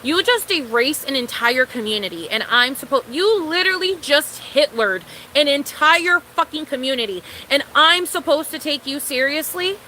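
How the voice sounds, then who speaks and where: A woman's voice: high-pitched, expressive, normal speed, hardly any pauses, bright, forceful tone, slight background noise, poor audio. A young woman vlogger ranting in a casual storytime, exasperated and incredulous, swearing freely and laughing often.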